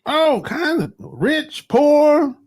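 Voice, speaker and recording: A man's voice: extremely high pitch, sing-song, drawn-out words. A man hosting a livestream, chatting casually with viewers in a rambling, profane way and laughing often. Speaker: livestream host.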